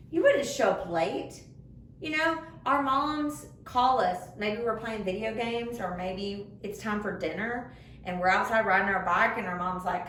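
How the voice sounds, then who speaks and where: A young woman giving a children's sermon in simple, animated words, recorded in a church room. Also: medium pitch. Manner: animated, speaks simply to children, acts out voices. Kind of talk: kids' sermon. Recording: echoey room, far from the mic, faint noise.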